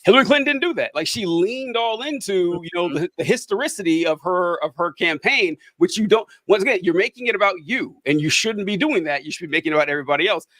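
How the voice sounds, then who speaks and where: A man's voice: high voice, animated, fast talker, few pauses, fairly bright tone, no echo. A man co-hosting a podcast, talking politics casually, rambling with fillers and sarcastic asides. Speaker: podcast co-host.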